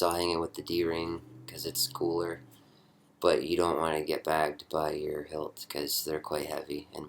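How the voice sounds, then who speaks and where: Young male hobbyist, very low voice, casual rambling show-and-tell, corrects himself as he goes. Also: fairly bright tone. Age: young adult. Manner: rambling, chatty, self-correcting. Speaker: hobbyist prop builder.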